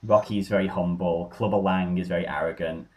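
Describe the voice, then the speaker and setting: A man in casual conversation, telling stories with enthusiasm and animated energy. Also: low-pitched, brisk. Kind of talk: casual film chat.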